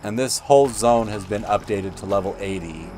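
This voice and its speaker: A man's voice: on the low side, moderate pace, over music. A man hosting a gaming channel, talking through gameplay in a rambling, chatty way. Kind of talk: casual gameplay commentary.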